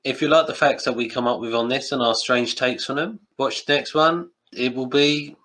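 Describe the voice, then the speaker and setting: A man's voice: medium pitch, steady tone, moderate pace, sharp tone, low-quality recording. A man hosting a podcast, chatting casually and laughing often between jokes. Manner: giggly, jokey, drops into silly impressions. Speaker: podcast host.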